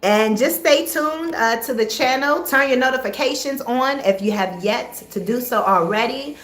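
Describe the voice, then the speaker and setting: A woman's voice: high-pitched, moderate pace, a bit bright. Encouraging woman coach, echoey room. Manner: soothing, encouraging, repeats key phrases. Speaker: spiritual life coach hosting a live meditation. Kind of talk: casual spoken live stream.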